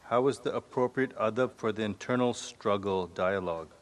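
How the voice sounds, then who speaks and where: A man's voice: fairly low pitch, moderate pace. A man from the audience politely asking the teacher a hesitant question.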